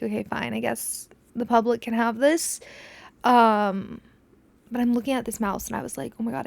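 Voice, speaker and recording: A woman's voice: on the high side, gravelly, darkish tone. A young woman hosting a podcast, telling a story in casual chat, swearing freely and dropping to a whisper when she acts out scenes. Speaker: podcast host.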